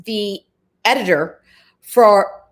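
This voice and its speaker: Chatty middle-aged woman telling stories. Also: medium pitch. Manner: chatty, laughing, jumps into quick impressions. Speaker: actress guest. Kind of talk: casual interview chat.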